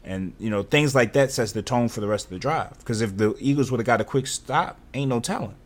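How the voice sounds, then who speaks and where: A man's voice: mid-range voice, brisk. Laid-back man breaking down football. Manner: relaxed, laid-back analysis with fillers. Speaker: podcast co-host. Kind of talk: casual sports chat.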